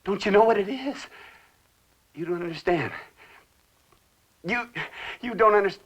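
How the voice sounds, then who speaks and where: An actor playing an obsessed man in a 1960s television drama, swinging between whispers and shouts as he raves about money. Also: high-pitched, a little slow. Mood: pleading.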